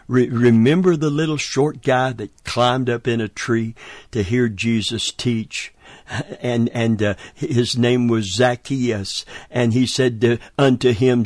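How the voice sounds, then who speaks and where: Man preaching, slow deliberate delivery, dry close sound, chuckles between points. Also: mid-range voice, no echo. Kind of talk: sermon.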